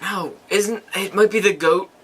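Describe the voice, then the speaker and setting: A man's voice: high-pitched, fairly even intonation, normal speed, a bit bright. A young man co-hosting a casual chat, recapping TV episodes with blunt, joking interjections. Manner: jokey, blunt, interjects with quips. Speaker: co-host.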